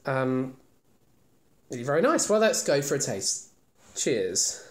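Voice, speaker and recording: Male beer reviewer, chatty and self-mocking, mid pitch, echoey room. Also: sing-song, slow pace. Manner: chatty, rambling, self-deprecating. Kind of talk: casual solo beer review. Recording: roomy echo.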